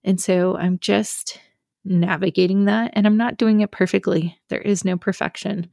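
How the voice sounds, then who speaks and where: A young adult woman talks openly about her own struggles in a solo podcast, rambling a little with fillers. Her voice has a frequent gravelly fry. She sits close to the mic in a dry, dead room. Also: mid-range voice, fairly even intonation, moderate pace, a little mellow, no echo. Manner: candid, confessional, many fillers. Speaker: podcast host. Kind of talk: personal solo podcast talk.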